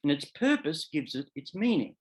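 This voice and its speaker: A man, a law professor, giving a measured academic seminar lecture that explains ideas step by step and sometimes corrects himself. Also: a little high, big pitch swings, rough recording. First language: English. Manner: measured, explanatory, repeats key terms; occasional self-corrections.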